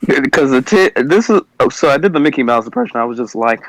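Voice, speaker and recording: Casting: relaxed male co-host, blunt remarks, lots of mm-hmms. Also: mid-range voice, quick pace, no room sound, rough recording. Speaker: podcast co-host, voice actor. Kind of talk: casual chat.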